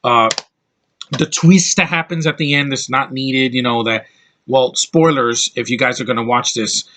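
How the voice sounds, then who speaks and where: A man talks through his take on a movie in an unscripted, opinionated ramble. He often cuts himself off and starts his sentences over. His pitch sits in the ordinary middle range for a man. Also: steady tone, normal speed, fairly bright tone. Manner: rambling and opinionated, with frequent restarts. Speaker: movie reviewer. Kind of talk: casual film review.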